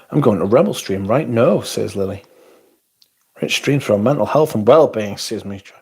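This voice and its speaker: A man's voice: lowish voice, expressive, normal speed, a little mellow, breathy edge. A middle-aged man, hosting a livestream in a loose, rambling, swear-heavy chat and reading out viewer comments. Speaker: livestream host.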